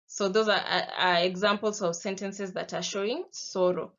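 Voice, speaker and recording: A woman's voice: mid-range voice, steady tone, normal speed, few pauses, fairly bright tone. A woman teacher with a Kenyan accent, explaining a lesson patiently with spoken examples. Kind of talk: recorded classroom lesson. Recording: dull lo-fi sound.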